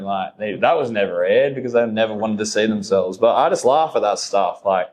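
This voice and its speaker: A young Australian man speaks as a podcast guest in a loose, rambling way. He leans on fillers and breaks into laughs often, his voice sitting a little low. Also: fairly quick, darkish tone. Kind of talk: casual conversation.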